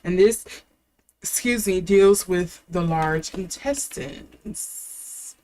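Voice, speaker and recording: A young adult woman gives a casual, chatty tarot reading, thinking aloud with fillers, restarts and self-corrections. Her voice sits fairly low and sounds warm, and she draws out her words.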